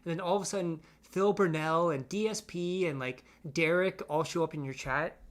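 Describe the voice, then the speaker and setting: A man's voice: on the high side, normal speed. A man hosting a drama commentary show, reading chat logs aloud with blunt, exasperated and crude asides.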